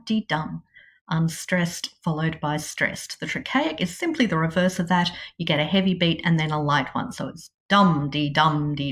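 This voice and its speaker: A woman with an Australian accent, teaching Shakespeare's verse in a clear, measured way and tapping out the rhythm as she speaks. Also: lowish voice. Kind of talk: scripted instructional explanation.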